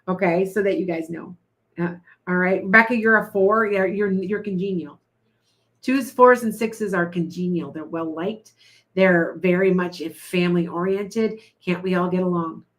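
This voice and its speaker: A middle-aged woman, a tarot reader, chatting casually with live-stream viewers, blunt and quick to laugh. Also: on the low side, a bit bright. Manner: blunt, chatty, laughs often, reads viewer comments aloud.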